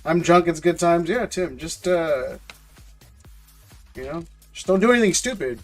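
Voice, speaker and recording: A man's voice: on the high side, expressive, a little slow, soft background music. A man hosting a live stream, chatting casually and jokingly with viewers in loose slang, often repeating words as he goes. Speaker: live-stream host opening trading card packs.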